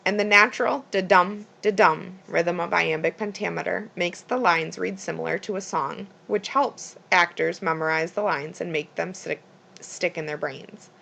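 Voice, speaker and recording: A woman's voice: lowish voice, normal speed, creaky, bright, forceful tone, slight background noise. A woman reading a prepared school presentation plainly from her notes, with small slips and restarts.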